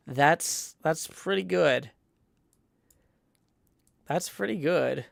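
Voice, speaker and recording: A man livestreaming in casual chat, reading viewer messages aloud and rambling with many pauses and restarts. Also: fairly high pitch, animated, gravelly, dry recording, clean studio sound. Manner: hesitant and rambling, many ums and restarts, tries out playful howls.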